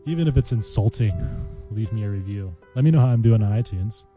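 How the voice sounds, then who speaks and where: Mellow-voiced man teaching vocabulary. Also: fairly low pitch, expressive, brisk, dull audio, soft background music. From United States. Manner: playful, chatty, talks through mnemonics. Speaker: podcast host teaching vocabulary. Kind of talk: casual podcast lesson.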